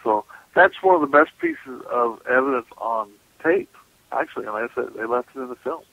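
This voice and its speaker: A man's voice: mid-range voice, wildly swooping pitch, fairly quick, gravelly. A man, a paranormal investigator, telling stories as a guest in a casual radio interview. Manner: casual, laughing, folksy storyteller. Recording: muffled radio call audio.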